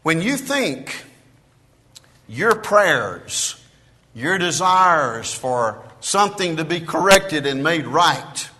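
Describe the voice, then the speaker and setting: A man preaches a sermon in a church with a bright, forceful tone. He moves between hushed asides and loud declarations, with a lively, swinging pitch. His voice carries a long reverb from the hall. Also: drawn-out words. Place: church sanctuary.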